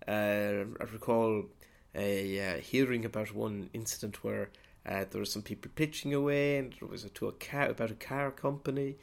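Man, slightly low voice, comic priest monologue, rambling, sweary, loud outbursts. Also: steady tone, normal speed, creaky. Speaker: podcast host.

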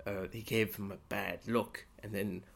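A man, hosting a podcast and delivering a rambling comic monologue in character as a priest, swearing and breaking into sudden loud outbursts. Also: fairly low pitch, flat delivery, normal speed, gravelly. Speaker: podcast host.

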